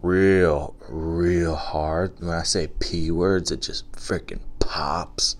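A man's voice: deep voice, slow pace. A man hosting his own podcast, talking into a home microphone in a casual, joking rant and acting out the people he quotes. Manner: animated, joking, acts out quoted voices. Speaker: solo podcast host. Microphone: home microphone wrapped in cotton.

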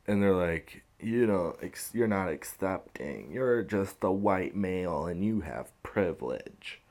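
Low, slow-talking tired man ranting. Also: darkish tone. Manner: swearing, rambling, loose and tired. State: low energy, uncaffeinated. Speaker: podcast host. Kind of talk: casual solo podcast rant.

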